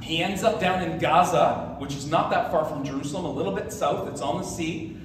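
A male pastor preaching a sermon, telling a story with lively asides to his congregation. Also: fairly high pitch, brisk, background noise. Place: church sanctuary. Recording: echoey hall from far off.

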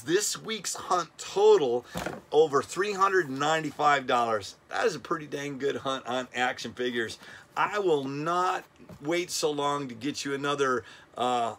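A man's voice: medium pitch, a bit bright, slight background noise. A middle-aged man hosting a casual toy countdown vlog, enthusiastic and chatty, often stumbling over names. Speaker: toy review channel host.

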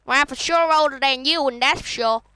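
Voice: high voice, brisk, bright, forceful tone, dry recording. A gamer putting on a bratty voice as a self-proclaimed old policeman, taunting other players with repeated insults over game voice chat. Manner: taunting, mocking, repetitive insults. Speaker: online game troller.

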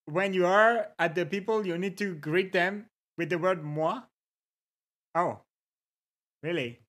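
A livestreamer chats at a relaxed, drawn-out pace over a desk microphone. Viewer names get a quick hello between musings, and funny words get repeated just to savor them. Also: medium pitch. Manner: reads chat aloud and greets viewers between musings. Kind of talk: casual livestream chat.

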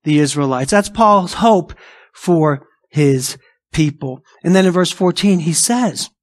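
A man's voice: fairly high pitch, lively intonation, slow pace. A male pastor preaching a sermon emphatically, asking rhetorical questions and acting out imagined objections. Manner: acts out imagined objections in a raised voice.

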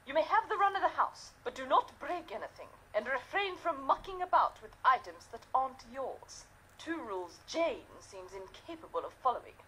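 An actress playing a prim, formal older widow who runs the manor, speaking in a video game. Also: female voice, high-pitched, fairly bright tone, slight background noise. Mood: brisk. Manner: formal, scolding, sometimes wistful.

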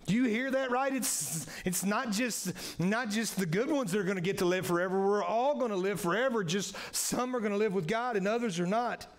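A man with a high, gravelly voice preaches an earnest sermon in a church. He leans on repetition and keeps checking in with his listeners with "right?" at the end of his phrases. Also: brisk, few pauses. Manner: earnest, repetitive, frequent "right?" tag questions. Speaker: pastor. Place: church sanctuary.

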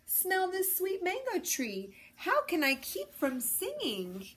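A woman voicing a cheerful, stubborn male rooster in a storybook read-aloud, with a bright, sing-song, defiant way of talking. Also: very high-pitched, wildly swooping pitch, takes it slowly, voice pushed up, exaggerated voice.

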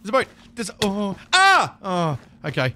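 Excitable high-voiced gaming streamer. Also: male voice, unhurried. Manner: excitable, chatters to game creatures, bursts into shrieks and laughter. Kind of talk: live gameplay commentary.

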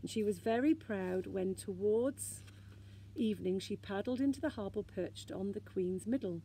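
A woman teacher reading a children's storybook aloud in a gentle, expressive way. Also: mid-range voice, normal speed, slight background noise.

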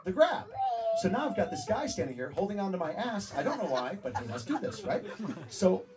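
Guy telling a wild story to a live crowd, higher voice, heard from far off with laughs around. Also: fairly quick. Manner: animated, swearing. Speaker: speaker at a live event. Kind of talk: storytelling talk to a live audience. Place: venue with audience. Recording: distant mic, audience laughing.

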